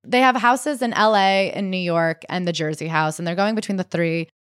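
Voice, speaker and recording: A woman co-hosting a casual podcast, retelling a memoir with animated storytelling and reading quoted passages aloud. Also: lowish voice, normal speed, clean tone, no echo, clean studio sound. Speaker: podcast co-host.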